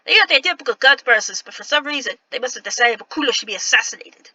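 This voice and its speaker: A woman's voice: fairly high pitch, expressive, pushed and bright, no echo, muffled recording, full character voice. A woman reading a worldly city informant's lines from a game, trying for an accent and stumbling over restarts. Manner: halting, reads lines with restarts. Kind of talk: reading game dialogue aloud with an attempted accent.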